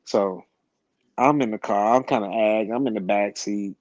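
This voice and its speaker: A man's voice: on the low side, moderate pace, a little mellow, no room sound. A middle-aged man telling a long story in casual, rambling talk, profane and full of repeated words and restarts. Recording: slightly dull, lo-fi sound.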